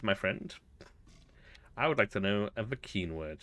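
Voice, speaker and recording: Chatty low-voiced male gaming host. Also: lively intonation, measured pace, fairly bright tone, no room sound. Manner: chatty, amused, thinks aloud with frequent laughs. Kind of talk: relaxed gameplay commentary.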